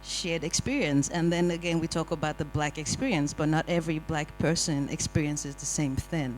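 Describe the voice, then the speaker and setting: Animated panel speaker telling wry stories. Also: mid-range voice, moderate pace, soft background music, poor audio. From Nigeria. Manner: animated, wry storytelling with acted-out quotes. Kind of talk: panel discussion, personal storytelling. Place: community hall panel.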